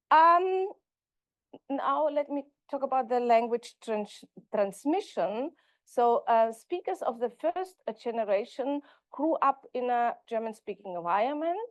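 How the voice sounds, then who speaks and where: A woman professor giving an academic conference lecture, halting and correcting herself as she goes. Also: mid-range voice, no echo. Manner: halting, self-correcting delivery. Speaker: linguistics professor.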